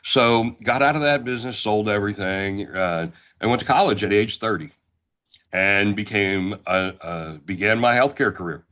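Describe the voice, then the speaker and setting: A loud, blunt middle-aged man from the Northeast of the US. His voice sits fairly low, and he tells his story in brash, casual talk-show style. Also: moderate pace. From Northeastern United States. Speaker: guest entrepreneur.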